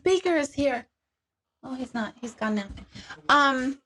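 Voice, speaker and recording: A woman's voice: high-pitched, lively intonation, a little slow, sharp tone. A middle-aged woman hosting a casual livestream from home, rambling and self-mocking as she talks straight to her viewers. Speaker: host of an intuitive reading livestream.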